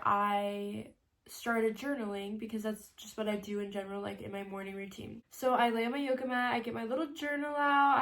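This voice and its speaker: A woman in her early twenties tells a personal story in a casual confessional vlog, emotional and close to tears, laughing through it, with many "like" fillers and soft trailing endings. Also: a little high. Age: 20s. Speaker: vlogger.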